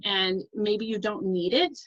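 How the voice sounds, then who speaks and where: A woman in her thirties leading a casual motivational team call, talking fast and effusively and often breaking off mid-sentence. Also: medium pitch, highs cut off. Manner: fast, effusive, self-interrupting. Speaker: team leader on a coaching call.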